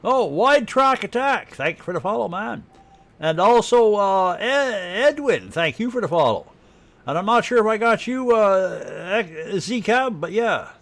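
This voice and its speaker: A man's voice: sits high, sing-song, measured pace, fairly bright tone. Chatty man with an Ottawa Valley accent. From Ottawa, Canada. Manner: rambling, chatty, thinking aloud. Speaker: live streamer. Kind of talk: live gameplay commentary.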